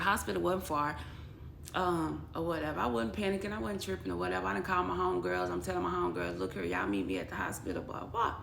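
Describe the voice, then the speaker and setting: Gravelly-voiced woman telling her own story. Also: fairly low pitch, very animated, fairly quick, fairly bright tone. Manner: blunt and emotional, quotes others in dialogue. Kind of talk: personal storytelling vlog. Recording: echoey room with faint background noise.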